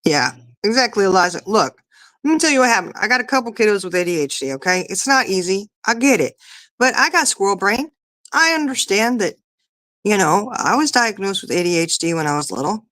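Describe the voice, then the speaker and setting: A woman's voice: medium pitch, big pitch swings, a little fast, fairly bright tone, no room sound. A woman in her fifties chatting casually, telling rambling stories about her kids. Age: 50s. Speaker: podcast guest or co-host. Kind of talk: casual chat.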